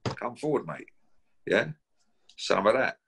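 A man's voice: fairly low pitch, sing-song, takes it slowly, creaky, a bit bright, slightly rough. A man from Essex with an Essex accent, a guest boxer on a call, talking in a brash, taunting, swearing way. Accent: Essex English. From Essex, England. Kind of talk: casual call-out chat.

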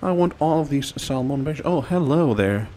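A man's voice: fairly high pitch, animated, normal speed, mellow, slight background noise. A man giving casual, rambling commentary while he plays a game, playful and given to sing-song repeats. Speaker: let's play gamer.

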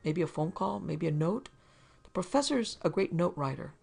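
A woman voicing a fussy, wheedling middle-aged man in a storybook reading, in a prim, high-pitched way. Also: animated, moderate pace, vocal fry, darkish tone, husky, full character voice.

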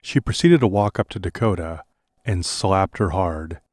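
Man, deep voice, deadpan audiobook narration, dry recording. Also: normal speed, no echo. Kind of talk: audiobook parody reading.

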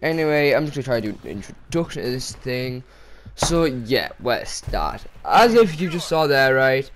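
A man's voice: medium pitch, big pitch swings, moderate pace, slight background noise. A young man ranting casually over gameplay, swearing and exasperated with sudden outbursts. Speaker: gaming commentator. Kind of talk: casual gameplay commentary rant.

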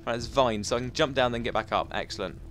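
A man giving chatty, excitable let's play commentary, talking to himself as he plays. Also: mid-range voice, fast, faint music behind. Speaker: gaming commentator.

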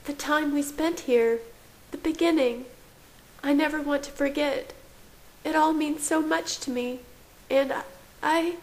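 A woman's voice: sits high, steady tone, unhurried, long pauses, darkish tone, voice pushed up, poor audio. A woman voicing an anxious, desperate young woman who has just become a vampire, pleading in a trembling voice. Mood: hushed pleading.

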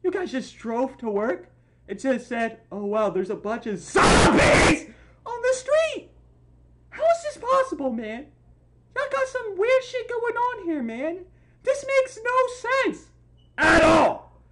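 Casting: a woman as a comedic reaction host, shrill and swinging all over, swearing and exclaiming, with a noisy mic. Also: big pitch swings, takes it slowly. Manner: loud, incredulous, swearing and exclaiming; drops to a low voice and jumps back high for jokes. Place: at home. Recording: noisy home recording.

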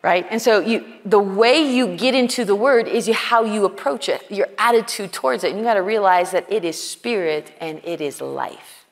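A woman's voice: medium pitch, moderate pace. A woman preaching at a women's conference, earnest and conversational, often quoting dialogue. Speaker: conference speaker. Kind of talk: sermon. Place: large conference hall. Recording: hall reverb.

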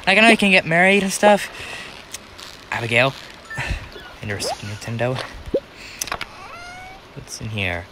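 A man's voice: medium pitch, very animated, a little slow, long pauses, pushed and bright, slight background noise, low-quality recording. A young American man giving rambling, casual commentary while playing a farming game, talking to himself with many restarts. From United States. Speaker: gaming channel host.

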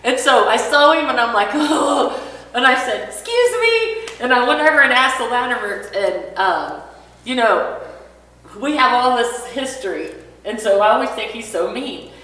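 Bright-voiced woman telling a story in an echoey room. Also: on the high side, moderate pace, far from the mic. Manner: animated storyteller, acting out quoted dialogue. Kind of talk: casual personal story. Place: church classroom.

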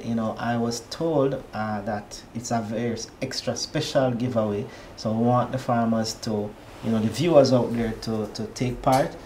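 A man's voice: medium pitch, a little hiss or hum, low-quality recording. Man presenting farm advice. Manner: steady, instructive, repeats questions clearly. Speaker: agronomy presenter and host. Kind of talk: online farming presentation.

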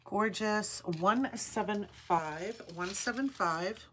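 A woman's voice: medium pitch, slow, background noise. A woman hosting a live online jewelry sale, chatting upbeat and calling out item numbers. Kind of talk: live shopping stream chat.

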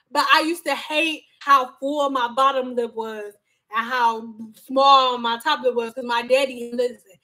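A woman in her thirties talks straight to her viewers in a high, bright-pitched voice. Her chat is loose, frank and full of jokes and profanity. She acts out the people in her stories with lively quoted voices. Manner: animated storytelling with acted quotes. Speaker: vlogger. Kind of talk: casual chat.

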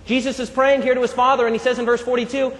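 A man's voice: very high voice, level tone, fast talker, fairly bright tone. A man preaching a sermon who keeps calling out to his congregation for answers and amens. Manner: calls out to the congregation for responses. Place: church hall. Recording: long reverb of a large hall.

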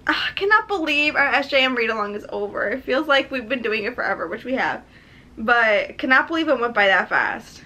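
High bright-voiced chatty woman vlogger. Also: lively intonation, a little fast. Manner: chatty and effusive, with many "like" and "um" fillers. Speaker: book vlogger. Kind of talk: casual vlog chat.

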